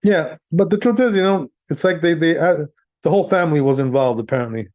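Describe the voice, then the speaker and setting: Relaxed male rabbi teaching, conversational and a bit higher-pitched. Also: fast. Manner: conversational, sprinkles in "right?" and "you know", chuckles often. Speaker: rabbi teaching Jewish law. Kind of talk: casual Torah class.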